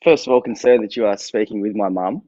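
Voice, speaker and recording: A man's voice: fairly low pitch, quick pace, dark tone, no room sound, dull audio. A young man, a lifeguard guest, chatting casually, laid-back and joking with frequent laughs. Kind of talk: casual interview chat.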